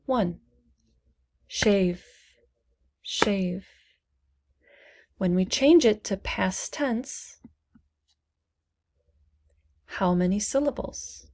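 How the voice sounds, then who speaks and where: A female English teacher who speaks at a very unhurried pace. She says each word deliberately and distinctly and leaves room for listeners to repeat after her. Her voice sits at an ordinary middle pitch. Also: expressive, darkish tone. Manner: clearly enunciating single words for learners to repeat. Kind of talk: slow, deliberate pronunciation lesson.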